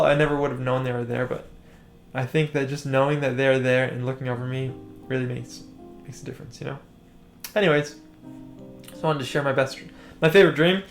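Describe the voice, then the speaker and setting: A young man telling a story in a rambling, hesitant way, full of fillers and restarts. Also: on the high side. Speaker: storytime vlogger.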